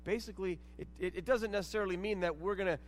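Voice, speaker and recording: A man's voice: high voice, racing, long reverb tail. A man preaching a sermon in a church as a church leader, talking earnestly and often repeating words as he restarts his sentences. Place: church sanctuary.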